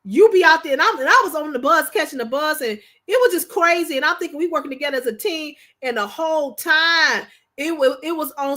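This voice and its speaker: A woman's voice: high-pitched, fairly quick, bright, forceful tone. A woman hosting a livestream, talking casually and emphatically, often repeating herself for effect. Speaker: livestream host.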